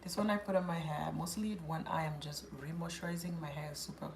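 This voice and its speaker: A woman's voice: fairly low pitch, fast talker, a little hiss or hum. A woman hosting a casual live Q&A, reading out viewers' questions and answering them in a chatty, firm way. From South Sudan.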